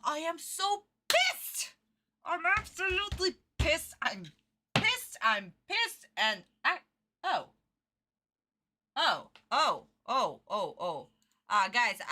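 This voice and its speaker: A woman's voice: sits high, sharp tone. A woman streamer giving a casual reaction commentary, ranting and swearing in frustration.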